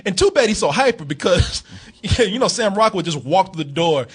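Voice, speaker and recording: Husky, animated male film reviewer. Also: high voice, fairly quick. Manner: animated, swearing, laughing. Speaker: film reviewer, podcast host. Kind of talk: casual chat.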